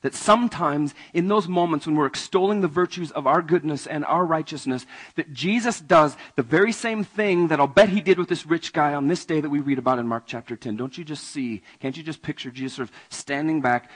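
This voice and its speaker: Man, pastor, sermon, conversational, questions to the congregation, husky voice. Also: a little high, a little fast, low-quality recording. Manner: conversational, asks the audience questions; swings between raised emphasis and quiet asides.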